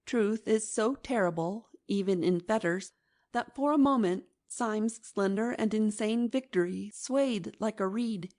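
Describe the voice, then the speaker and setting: A woman narrating a classic novel as an audiobook in a measured, expressive reading. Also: medium pitch. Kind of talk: scripted narration.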